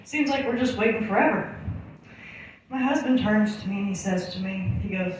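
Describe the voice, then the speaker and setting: A woman's voice: medium pitch, moderate pace, a little hiss or hum. Sarcastic, crude woman comic, echoey. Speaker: comedian. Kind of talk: stand-up storytelling. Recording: echoey room from far off.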